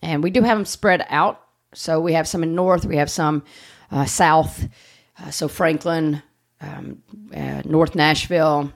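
A woman's voice: deep voice, steady tone, a little slow. A woman hosting a podcast, chatting casually, blunt and joking, swearing freely. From United States. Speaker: podcast host. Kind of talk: casual chat.

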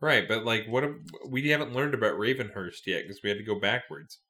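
Bright-voiced joking player. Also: male voice, lowish voice, fairly quick. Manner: dry, joking remarks. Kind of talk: casual game chat.

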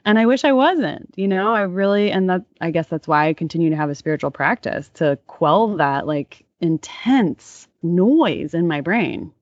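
Woman podcast host, earnest and reflective, low-ish voice. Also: animated, moderate pace, few pauses, no room sound, highs cut off. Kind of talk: casual chat and outro.

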